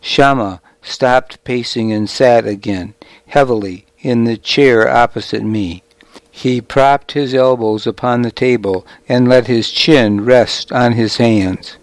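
A man narrating a novel in a measured, deliberate storytelling manner. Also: mid-range voice, a little mellow, no echo, poor audio. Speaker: audiobook narrator. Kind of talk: scripted narration.

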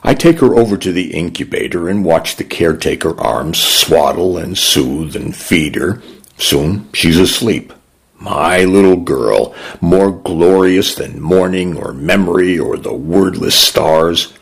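A man narrating a first-person story in a measured, gentle, reflective way. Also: deep voice, gravelly, breathy edge.

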